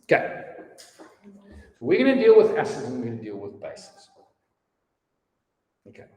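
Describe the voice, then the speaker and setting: A man's voice: mid-range voice, huge pitch swings, moderate pace, darkish tone, slight background noise. A man in his fifties teaching a class, chatty and given to storytelling asides. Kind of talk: classroom lesson. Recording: echoey room with long reverb.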